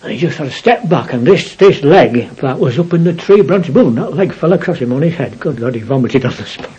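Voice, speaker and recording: A man's voice: a little high, expressive, fairly quick, few pauses, mellow, breathy edge, dull audio. An older man recounting his war memories in a rambling storytelling way, often adding "you see". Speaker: war veteran interviewee.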